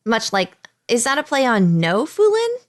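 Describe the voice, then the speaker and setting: A woman's voice: on the high side, wildly swooping pitch, normal speed. A woman co-hosting a podcast, chatting casually and laughing often as she recaps cartoons. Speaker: podcast co-host.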